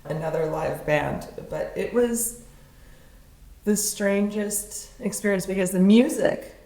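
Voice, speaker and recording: A woman co-hosting a podcast, telling stories in a soft-spoken, casual way with laughing asides. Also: mid-range voice, slow, creaky. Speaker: podcast co-host. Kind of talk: casual storytelling chat. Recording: roomy echo.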